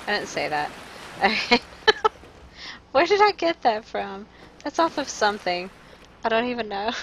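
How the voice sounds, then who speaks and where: A woman streaming live gameplay, talking to her chat in a jumpy, nervous way with quick laughs. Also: mid-range voice, fairly bright tone, slight background noise, rough recording. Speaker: game streamer.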